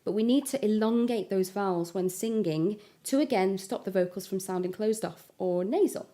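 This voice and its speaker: A woman giving a singing lesson, explaining vowel shapes step by step and demonstrating high notes. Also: moderate pace, mellow. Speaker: singing teacher. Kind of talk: vocal lesson with sung examples.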